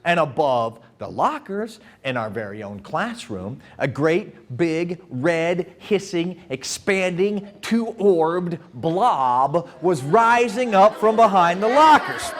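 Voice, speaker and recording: A high-voiced man tells a story live before a young crowd. His pitch swoops and leaps all over the place, and he keeps playfully stopping to speak with his listeners. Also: slow, hardly any pauses. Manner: animated and playful, talks to the crowd. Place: live event before an audience.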